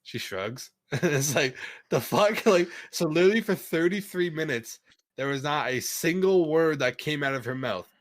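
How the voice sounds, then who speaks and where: A man's voice: on the high side, expressive, moderate pace, dry recording. A young man telling a story in casual podcast chat, rambling, laughing often and swearing a lot. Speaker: podcast guest.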